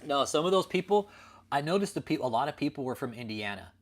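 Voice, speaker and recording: A man's voice: on the high side, very animated, fast talker. A man hosting a late-night livestream, ranting profanely and answering viewers in chat. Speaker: livestream host.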